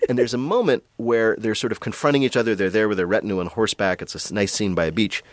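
A man co-hosting a casual chat, telling stories in an animated way and laughing often. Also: lowish voice, quick pace, dry recording. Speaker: podcast co-host.

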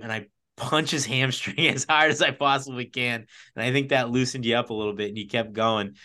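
A man's voice: lowish voice, bright, forceful tone. A man in casual conversation, animatedly telling a funny race story and laughing as he goes.

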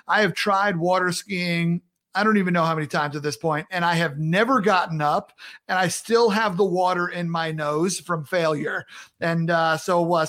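A man's voice: a little high, a bit bright. A male podcast host in casual chat, upbeat and chatty, laughing often.

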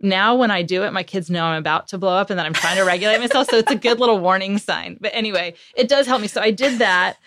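A woman's voice: medium pitch, quick pace, few pauses, dry recording. A woman guest on a podcast interview, talking casually as a parenting author and acting out the lines she and her kids said. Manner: lively storyteller who acts out what she and her kids said; conversational, with fillers and laughs.

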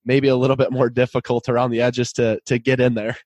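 A man hosting an interview, asking questions in a measured, searching way. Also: mid-range voice, little pitch movement, darkish tone, dry recording. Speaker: host.

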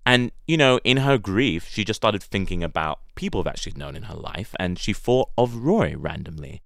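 A man's voice: sits low, animated, moderate pace, vocal fry, fairly bright tone, no echo, studio quality. A young man with an English accent telling a personal story in a chatty, amused way, full of fillers. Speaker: guest storyteller.

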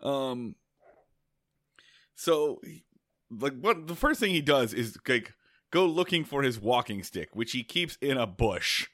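A man's voice: mid-range voice, sing-song, takes it slowly, long pauses, fairly bright tone, no echo, clean studio sound. A man co-hosting a casual podcast, telling a rambling story with many restarts and laughs. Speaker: podcast co-host.

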